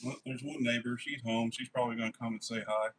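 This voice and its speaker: A man's voice: medium pitch, fairly even intonation, quick pace, a little hiss or hum, rough recording. A man hosting a live stream from his workshop, chatting casually and rambling easily with viewers. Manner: easygoing, rambling, warm toward family.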